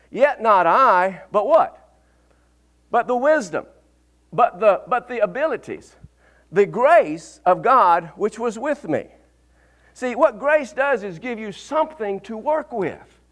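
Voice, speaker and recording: Male pastor, high voice, animated sermon delivery, laughs mid-line. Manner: animated preaching, rising to fervent peaks and dropping to quiet asides; laughs often mid-sentence.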